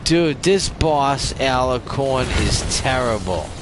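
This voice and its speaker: A man's voice: medium pitch, animated, takes it slowly, noisy background. A young man livestreaming a video game, swearing and trash-talking the enemies and chatting with his viewers. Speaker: gaming livestreamer. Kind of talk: profane live gameplay commentary. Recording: game music playing loudly behind. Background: loud game music.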